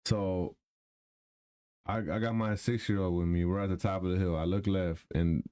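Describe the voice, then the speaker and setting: A man's voice: low-pitched, fairly even intonation, normal speed, dark tone, clear, resonant tone, no echo. A man in his thirties, a podcast co-host, telling a story in casual, profane talk and acting out what people said.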